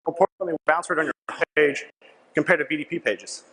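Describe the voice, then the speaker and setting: Man, young adult, conference speaker, persuasive, slightly high voice, long hall reverb. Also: fast, fairly bright tone, husky. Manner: persuasive, keeps asking "right?"; punchy, repeats key lines. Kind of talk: sales conference presentation.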